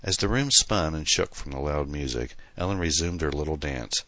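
A man's voice: very deep voice, moderate pace, fairly bright tone, no echo. A man reading a novel aloud in dramatic, tense scripted narration. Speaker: audiobook narrator.

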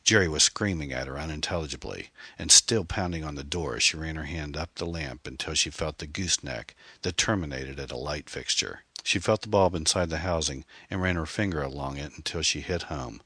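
Deep, husky male audiobook narrator. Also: fairly quick, few pauses, pushed and bright, no echo.

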